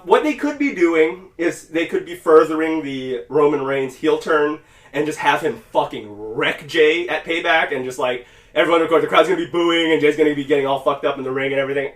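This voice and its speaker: A man hosting a casual podcast, rambling and cursing freely as he talks wrestling, now and then jumping into loud quoted voices. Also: fairly high pitch. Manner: rambling, profane, animated when quoting. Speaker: podcast host. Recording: echoey room, mic at a distance.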